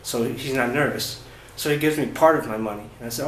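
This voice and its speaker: A man vlogging about his travels, recounting events in a casual, halting way with many fillers and restarts. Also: mid-range voice, fairly bright tone. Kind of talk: casual first-person storytelling. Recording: roomy echo with faint ambient noise.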